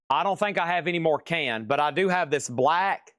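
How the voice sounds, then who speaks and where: A man's voice: on the high side, takes it slowly, few pauses, clear, resonant tone, no room sound. A man hosting a live-stream vinyl sale, chatting casually as he reads out buyers' names, prices and the condition of each record. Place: record shop.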